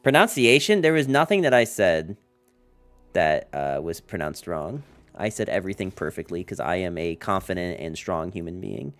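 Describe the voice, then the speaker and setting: A man's voice: low-pitched, very animated, normal speed, faint music behind. A man streaming a card game, chatting casually with viewers, full of fillers like "like" and "um" and joking asides. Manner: rambling, filler-heavy, jokey asides to chat. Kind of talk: casual livestream chat while playing a card game.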